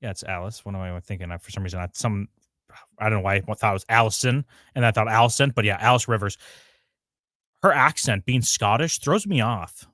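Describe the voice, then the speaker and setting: Low-voiced man chatting casually. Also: brisk, a bit bright, dry recording, studio quality. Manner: rambling, searches for names, laughs often. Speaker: podcast co-host. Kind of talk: casual review chat. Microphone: home mic on a livestream.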